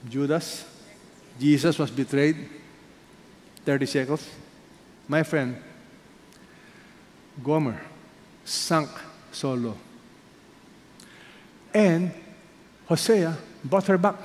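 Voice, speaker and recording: A man with a Filipino accent preaching a sermon as pastor, firing rhetorical questions and swinging between loud emphasis and hushed asides. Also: on the high side, extremely slow, pauses often. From Philippines. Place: large church hall. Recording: echoey hall, faint background noise.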